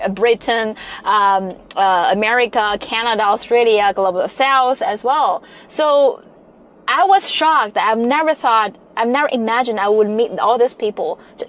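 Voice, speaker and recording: Higher-voiced woman with a Chinese accent. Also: a little hiss or hum. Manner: agreeable, quick back-channel murmurs then steady explanation. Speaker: journalist guest. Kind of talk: casual conversation. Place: car driving through a city.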